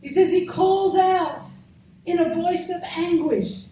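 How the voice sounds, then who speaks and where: A woman preaching a fervent sermon, often urging "come on" and swinging between shouting and quiet. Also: very high voice, fairly even intonation, slow. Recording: echoey hall, speaker far from mic, faint noise.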